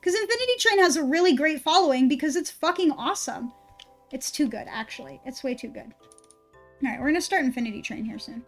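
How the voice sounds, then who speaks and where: An excitable young woman streaming a game, chatting to her viewers in a high voice, cursing and laughing freely. Faint game music runs quietly under her talk. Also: fairly quick. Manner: excitable, swearing, laughing often, talking to chat. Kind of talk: casual live-stream commentary.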